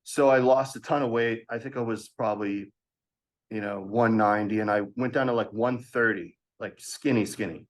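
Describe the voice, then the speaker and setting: Man telling a lively story. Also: on the low side, moderate pace. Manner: animated storyteller acting out quoted voices with laughs. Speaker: podcast guest. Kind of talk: storytelling in a casual interview.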